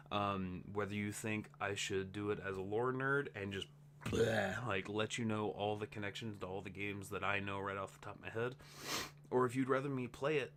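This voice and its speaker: A man's voice: fairly low pitch, a bit bright, slight background noise. A man hosting his gaming channel's casual update vlog, tired and rambling, interrupting himself as he talks. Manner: rambling, self-interrupting, chatty.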